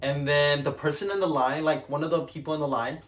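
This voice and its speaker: A man's voice: a little high, steady tone, brisk, a bit bright. Chatty young man telling a story. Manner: chatty, lots of "like" fillers, laughs often. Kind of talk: casual storytelling to camera.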